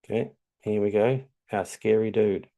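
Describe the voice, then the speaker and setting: Nz guy walking through a tutorial, gravelly and mellow, loose and chatty. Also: fairly low pitch, fairly even intonation, normal speed. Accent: New Zealand. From New Zealand. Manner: chatty, loose, many ums. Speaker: tutorial host. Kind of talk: casual screen-share tutorial.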